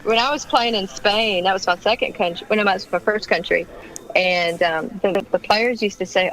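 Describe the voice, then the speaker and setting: A woman's voice: medium pitch, normal speed, fairly bright tone, low-quality recording. A middle-aged woman basketball coach with a Southern accent, chatting and laughing as a radio guest. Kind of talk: casual radio interview chat.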